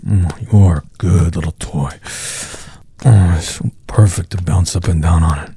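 Dominant male lead for intimate audio role-play: low, slow, rough-edged delivery with heavy breaths over a noisy recording. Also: mellow.

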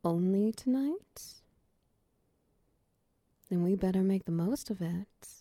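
A big, protective, doting lover, voiced by a woman murmurs in a whispered role-play, unhurried and soft. The voice is low-toned and gravelly, with a mellow, warm color. The recording sounds close and dry. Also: animated, no room sound. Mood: tender. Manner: slow, soft, cooing and teasing, drifting into whispers. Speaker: voice actor in audio role-play.

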